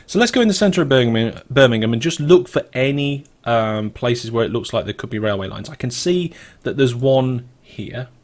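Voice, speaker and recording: A man's voice: medium pitch, animated, moderate pace, hardly any pauses. Chatty British man thinking aloud. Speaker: let's play host. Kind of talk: casual gameplay commentary.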